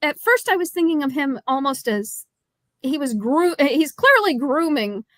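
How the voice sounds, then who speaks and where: A woman co-hosting a podcast, informative and analytical, speaking in a measured casual chat about an old film. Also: high voice, sing-song, a bit bright, dry recording. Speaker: podcast co-host. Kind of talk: casual movie review chat.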